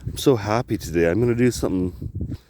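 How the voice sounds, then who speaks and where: This Canadian man speaks briskly in a fairly low, slightly mellow voice while vlogging casually beside the water. Holding the camera himself, he rambles along, curses, and laughs frequently.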